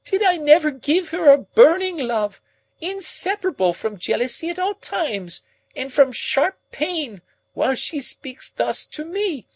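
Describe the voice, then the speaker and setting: A man doing a shrill, wailing old woman. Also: very animated, measured pace, no room sound, exaggerated voice, low-quality recording. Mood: frantic. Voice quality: shrill, quavering, moaning. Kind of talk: audiobook character reading.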